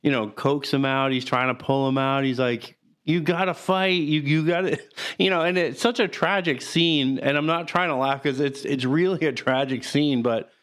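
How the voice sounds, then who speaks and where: Male podcast co-host, smooth voice, halting casual film talk. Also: medium pitch, steady tone, a bit bright. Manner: rambling, halting, laughs through sad moments.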